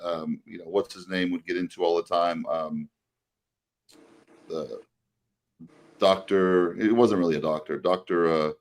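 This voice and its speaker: Low-voiced man telling a rambling story. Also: steady tone, measured pace, pauses often. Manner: rambling anecdote with many fillers and restarts. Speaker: podcast co-host. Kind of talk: casual storytelling chat.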